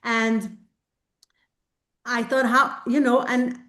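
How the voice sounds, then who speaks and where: A woman's voice: a little high, flat delivery, extremely slow, a bit bright. A woman from Belgium sharing a candid, reflective personal account on a group coaching video call.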